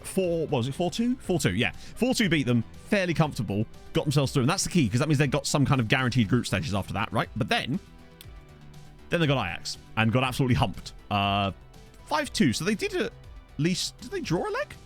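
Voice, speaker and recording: A man's voice: mid-range voice, wildly swooping pitch, fairly quick, faint music behind. A man chatting casually on a live game stream, self-mocking and laughing often, with hiccups. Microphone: desk USB microphone.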